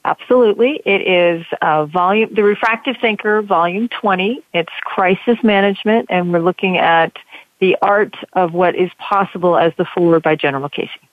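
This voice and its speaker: A woman's voice: on the low side, moderate pace, no room sound. A woman author, a guest in a podcast interview, speaking in an upbeat, plain, encouraging way. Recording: dry tinny phone line.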